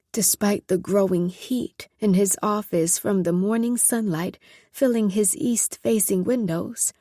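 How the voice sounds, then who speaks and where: A woman narrating a story in a measured, scripted audiobook reading. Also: mid-range voice, dark tone, dry recording, studio quality.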